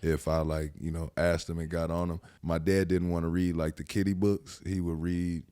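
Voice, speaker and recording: A man hosting a podcast, talking in a relaxed, reflective, slangy way. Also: low-pitched, moderate pace, clear, resonant tone, no room sound, studio quality. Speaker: podcast host. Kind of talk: casual chat.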